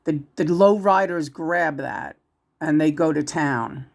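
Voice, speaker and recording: A woman with a low, slow, creaky voice talks casually as a psychic channeler about spirits. She rambles, restarts frequently and shifts back and forth between loud and hushed.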